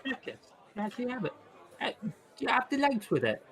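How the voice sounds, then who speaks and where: A man's voice: extremely high pitch, big pitch swings, normal speed, fairly bright tone, husky. A man playing a tabletop game, speaking hesitantly and goofily in character. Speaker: player.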